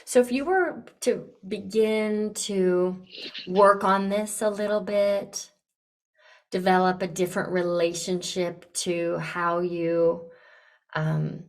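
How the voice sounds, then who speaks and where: A woman coaching a client live on a podcast, encouraging and direct, acting out lively examples. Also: on the low side, takes it slowly. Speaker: business coach and podcast host.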